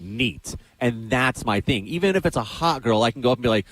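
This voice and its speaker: A man's voice: fairly low pitch, animated, fast talker, hardly any pauses, dry recording, low-quality recording. A young man co-hosting a radio show, rambling in an awkward, self-deprecating way with many restarts. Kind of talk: casual on-air banter.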